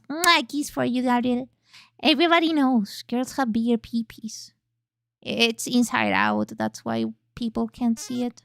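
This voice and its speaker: A young woman streams games from home, speaking into a close mic in a very dry room. Her voice sits high and sounds bright and clear. She talks loosely with chat, curses casually, and breaks into sudden squeals while she plays. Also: animated, measured pace, dry recording. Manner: chatty and cursing, reading chat aloud, bursts of squeals while playing. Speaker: VTuber streamer.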